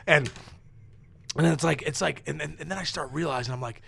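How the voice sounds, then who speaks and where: A middle-aged man, a former pro ballplayer and podcast guest, telling an animated, rambling story full of fillers and restarts. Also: fairly high pitch, a little fast, creaky, breathy edge.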